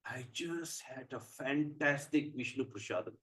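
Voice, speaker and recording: A man voicing an excited male sage who gushes with drawn-out exclamations about a wonderful meal in a storytelling sermon. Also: medium pitch, natural voice. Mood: giddy delight.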